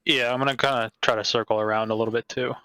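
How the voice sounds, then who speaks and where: A man's voice: medium pitch, fairly even intonation, quick pace, pushed and bright, clear, resonant tone, no room sound. A man playing a tabletop game, chatting casually in a laid-back, matter-of-fact way.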